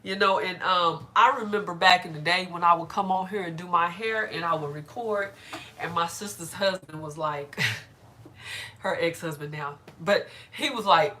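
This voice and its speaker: A woman's voice: on the low side, normal speed, bright, forceful tone. A middle-aged woman chatting casually on a live stream while doing her hair, laughing often and greeting viewers by name.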